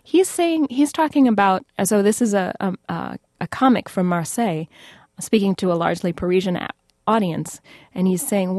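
A woman's voice: medium pitch, normal speed, a little mellow, dry recording, studio quality. A woman who is a French language expert, talking enthusiastically in a radio interview, with frequent restarts.

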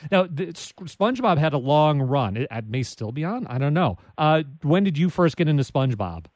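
A man hosts a radio call-in show in a chatty, self-deprecating way, with quick interjections between callers. His voice sits a bit high for a man. The studio sound is dry and close on the microphone. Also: very animated, darkish tone, dry recording. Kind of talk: casual radio call-in chat.

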